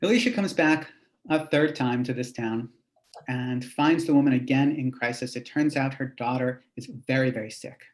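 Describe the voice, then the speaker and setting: A man's voice: mid-range voice, moderate pace. A man, a rabbi, telling a teaching story in a conversational way with fillers and asides. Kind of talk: storytelling lesson.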